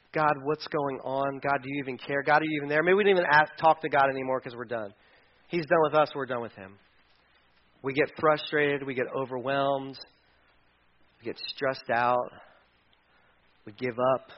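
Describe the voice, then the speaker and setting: A man preaching a sermon as pastor, animated, sometimes mimicking whiny complaints and dropping to a quiet, earnest tone. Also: on the high side. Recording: dull lo-fi sound.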